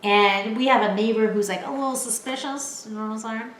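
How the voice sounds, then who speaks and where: A woman in her twenties telling stories from home in a casual chat, animated and laughing, with lots of filler "like". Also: a little high, brisk, a little hiss or hum. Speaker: vlogger, storyteller. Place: at home, in a room. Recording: roomy echo.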